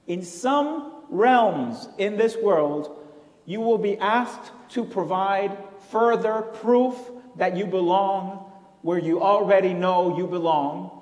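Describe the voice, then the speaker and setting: Man telling stories on stage. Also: sits high. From Puerto Rico. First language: Spanish. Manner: animated storytelling with wry asides. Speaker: professor and solo performer. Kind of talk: one-man stage storytelling. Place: large hall on stage. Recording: echoey hall, live stage.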